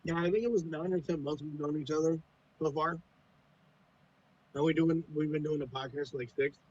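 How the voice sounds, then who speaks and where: A man's voice: a little high, fairly even intonation, fairly quick, darkish tone, dull audio, a little hiss or hum. A man from the United States, a podcast guest, talking casually with a profane, teasing, joking manner. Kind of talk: casual chat.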